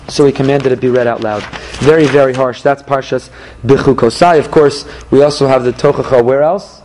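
A man, a rabbi, giving an emphatic Torah class with rhetorical questions and animated delivery. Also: medium pitch, fairly quick, slight background noise, low-quality recording.

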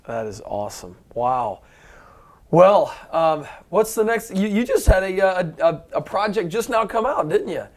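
Brief: male interview host, enthusiastic, slightly high, halting. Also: very animated. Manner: enthusiastic, hesitant with fillers. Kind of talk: casual interview.

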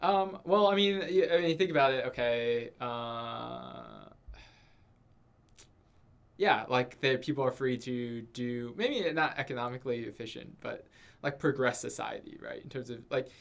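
A young man with a gravelly edge to his mid-pitched voice. He co-hosts a casual podcast chat. He thinks aloud with many fillers and restarts, and he keeps checking in with "right?". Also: a little slow. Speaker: podcast co-host. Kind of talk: casual conversation.

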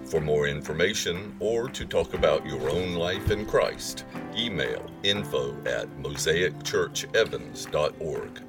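A man reading a scripted intro for a church's weekly message podcast in a smooth, lively way. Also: extremely low pitch, a little slow. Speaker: announcer. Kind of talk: scripted announcement. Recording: guitar music behind.

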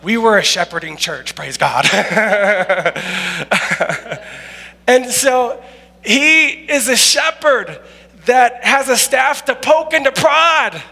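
A male pastor preaching a sermon in an animated, humorous storytelling style, often laughing. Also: very high-pitched, vocal fry. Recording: long hall reverb.

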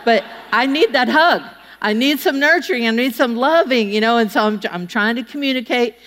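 A woman's voice: a little high, brisk. A middle-aged woman giving a humorous speech to an audience as a public speaker, chatty and folksy, acting out the people she quotes. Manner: chatty, folksy, acts out quotes with lively voices. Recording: long reverb of a large hall.

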